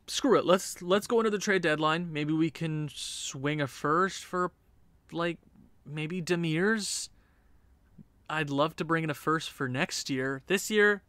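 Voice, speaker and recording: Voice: mid-range voice, a bit bright, no echo. A gaming channel host giving casual, chatty gameplay commentary and laughing at their own jokes.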